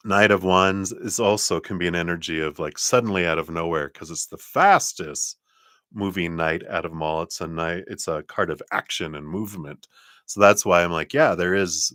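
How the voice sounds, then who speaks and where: Deep-voiced chatty man reading tarot. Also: no echo, clean studio sound. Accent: slight Southern drawl. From Colorado, USA. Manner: chatty, rambling, with soft laughs and brief muttering asides. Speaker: tarot reader. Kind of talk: live-stream tarot reading.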